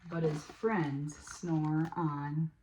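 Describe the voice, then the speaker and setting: A woman reading a children's picture book aloud as host, animated, with playful sound effects and asides to her listeners. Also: low voice, drawn-out words, noisy background. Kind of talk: storybook read-aloud for children.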